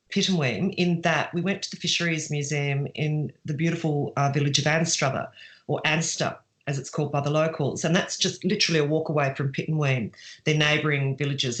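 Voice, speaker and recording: A woman's voice: deep voice, a bit bright. Brief: middle-aged woman author, chatty, restarts often, laughs into her stories. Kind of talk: casual interview answers.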